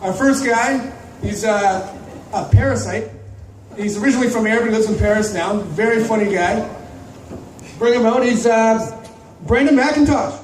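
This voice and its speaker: A man's voice: high voice, moderate pace. A man from Ontario hosting a stand-up comedy night, crude and teasing, bantering with the audience in a small club. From Ontario, Canada. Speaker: comedy show host. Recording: echoey club, from far off, faint noise.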